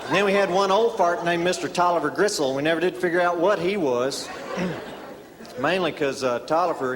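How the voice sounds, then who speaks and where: A man telling a folksy tall tale as stand-up comedy, deadpan, with many drawn-out "uh"s. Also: a little high, slight background noise. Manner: deadpan folksy storyteller with filler "uh"s. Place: live comedy stage before an audience. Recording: reverberant live hall, audience laughter.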